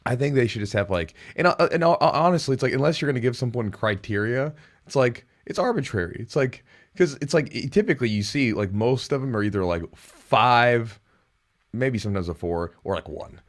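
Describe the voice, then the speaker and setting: A man hosting a podcast in casual chat, talking in an animated, rambling way with sudden jumps in pitch. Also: fairly quick. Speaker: podcast host.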